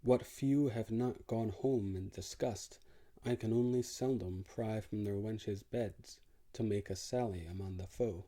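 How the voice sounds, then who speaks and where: A man's voice: fairly low pitch, warm tone. A man reading an audiobook, voicing a brusque, disillusioned crusader prince in a blunt, sardonic way.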